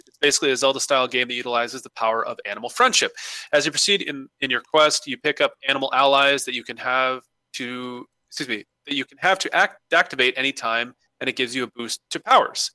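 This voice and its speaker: A man's voice: medium pitch, a little fast, sharp tone, no echo. A man co-hosting a casual podcast, reading listener emails aloud with joking asides.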